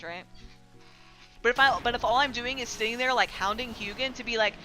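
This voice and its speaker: Woman streamer, bright and forceful tone, loose rambling chat with swearing, faint background music. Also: mid-range voice, fast. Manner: rambling, lots of filler likes, swears casually. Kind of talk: casual chat with live chat.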